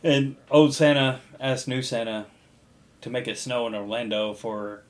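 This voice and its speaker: A man co-hosting a podcast, recapping a film plot in casual chat, profane and quick to act out lines. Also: mid-range voice, fairly even intonation. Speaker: podcast co-host.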